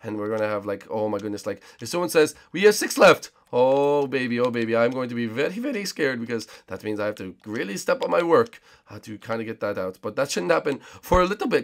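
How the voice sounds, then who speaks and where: Young male host for hyped gameplay commentary: raspy, fry-heavy voice with a bouncy, lively delivery. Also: medium pitch. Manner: hyped, repeats himself, calls out other players. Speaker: gaming channel host.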